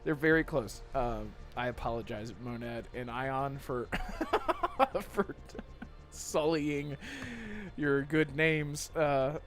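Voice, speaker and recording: A man's voice: mid-range voice, slow pace. A man hosting a casual gaming podcast, talking in rambling stretches and thanking viewers in chat. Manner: rambling, with restarts and chat shout-outs. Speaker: podcast host. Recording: faint music behind.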